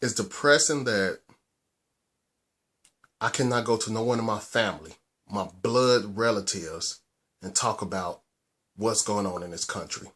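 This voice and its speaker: A man from the United States ranting angrily in his vlog, halting and restarting often and swearing for emphasis. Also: lowish voice, fairly bright tone. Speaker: vlogger. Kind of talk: angry personal vlog rant.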